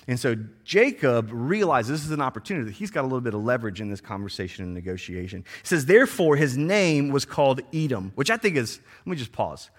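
A man's voice: medium pitch, big pitch swings, fast talker, few pauses. A man preaching a sermon in a casual, slangy way, acting out the people in the story with playful voices. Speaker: pastor.

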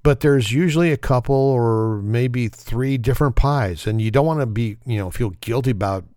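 A man's voice: mid-range voice, normal speed, dark tone, no echo, studio quality. A man hosting a casual comedy podcast, talking in a wry, sarcastic way and laughing often. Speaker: podcast host.

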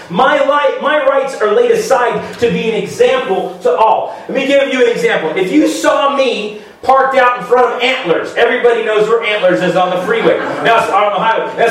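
A male pastor preaching a sermon with emphatic, halting restarts and rhetorical questions. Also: extremely high pitch, fairly bright tone. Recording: very echoey room, voice from far off.

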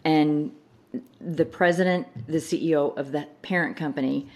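A woman's voice: low voice, normal speed. A woman telling a personal story in a casual chat, acting out the voices of the people she quotes. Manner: animated retelling, laughing through quoted lines. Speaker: guest.

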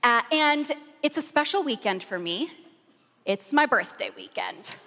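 A woman pastor preaching with an animated, excited, chatty way of telling funny stories from the pulpit. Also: high-pitched, measured pace. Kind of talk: humorous sermon storytelling. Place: large church auditorium. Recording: long reverb of a large hall.

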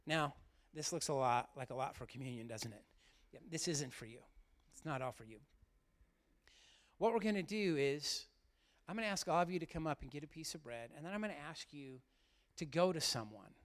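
A man's voice: on the high side, lively intonation, fairly quick. A middle-aged man, a pastor, giving an earnest, heartfelt sermon and speaking directly to his congregation in church. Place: church sanctuary.

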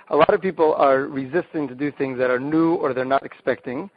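A man's voice: mid-range voice, steady tone, a little fast, breathy edge, no room sound. A man, a rabbi, guest on the show, enthusiastically explaining group games step by step, often restarting his sentences. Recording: dull, dry lo-fi sound.

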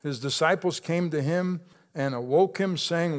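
A man preaching a sermon to his church, calling out to the congregation, sometimes dropping soft and slow, then building to emphatic, rising calls. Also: a little high. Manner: preaching with call-outs to the congregation. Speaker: pastor.

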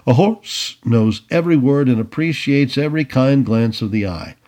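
A man narrating an old adventure story aloud in an expressive storybook reading. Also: medium pitch, normal speed. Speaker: audiobook reader.

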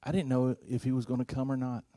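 A man preaching a storytelling sermon, earnest, moving between loud emphasis and hushed, intimate passages. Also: mid-range voice, level tone, quick pace, no room sound, clean studio sound.

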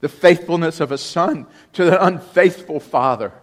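A man preaching a sermon, dropping low and quiet for scripture and rising loud and emphatic for his points. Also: moderate pace. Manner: preaching with big swings from quiet reading to loud emphatic outbursts. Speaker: pastor.

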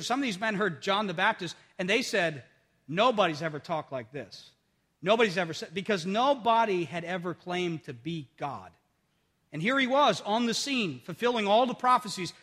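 A man preaching a sermon, swinging between loud emphatic peaks and quiet drops, and repeating phrases for emphasis. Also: sits high. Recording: long reverb of a large hall.

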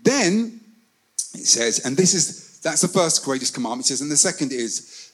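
A man preaching with a high, ringing voice that climbs for emphasis and drops to a near whisper for quiet asides. He repeats key phrases and calls on the congregation to answer back. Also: moderate pace, poor audio. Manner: animated preaching, swinging between loud calls and hushed asides; repeats phrases and leads call-and-response with the congregation. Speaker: pastor. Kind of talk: sermon.

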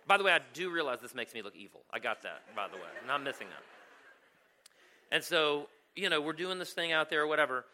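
Bright-voiced male pastor telling a story. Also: a little high, expressive, quick pace, slight background noise. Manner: storytelling, keeps asking "right?". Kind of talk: sermon.

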